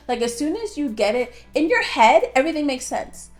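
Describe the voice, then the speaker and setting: A woman's voice: on the high side, big pitch swings, normal speed, faint music behind. A woman vlogger talking casually to her viewers about motivation, rambling a little and filling gaps with "like". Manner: chatty, heavy use of "like", light self-laughing. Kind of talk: casual talk to camera.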